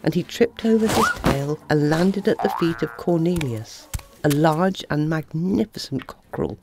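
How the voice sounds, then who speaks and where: A woman narrating a children's storybook with a lively, expressive reading. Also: low voice, normal speed, heavy background noise. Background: soft music.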